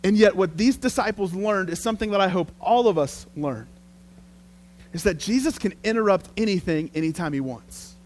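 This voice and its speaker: Pastor guy w/ a high-ish voice, chatty lively sermon storytelling. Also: normal speed.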